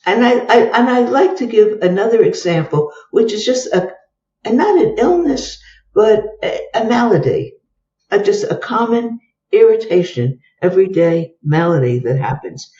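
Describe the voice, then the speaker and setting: An older woman, a psychologist, telling case stories as an interview guest and acting out the dialogue in a lively way. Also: mid-range voice, moderate pace, distant mic. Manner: lively storyteller who acts out the dialogue. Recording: roomy, dull sound from away from the mic.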